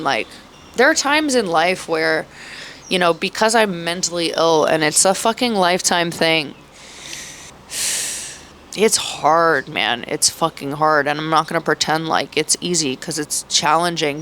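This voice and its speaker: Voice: medium pitch, fairly bright tone, slight background noise. A thirty-year-old vlogger talking in a rambling, emotional way, full of swearing and fillers. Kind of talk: emotional personal vlog. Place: outdoors in Mexico, birds audible.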